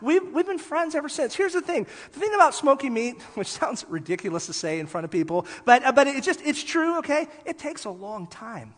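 A man preaching a sermon as pastor, telling lively stories and then dropping quiet for emphasis. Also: very high-pitched, normal speed, few pauses. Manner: animated storytelling, drops soft for emphasis. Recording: long hall reverb.

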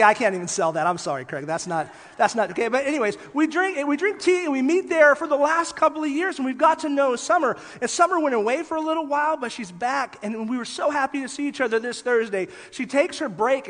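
A man preaching a sermon as pastor, telling lively stories and then dropping quiet for emphasis. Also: very high voice. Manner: animated storytelling, drops soft for emphasis. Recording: long hall reverb.

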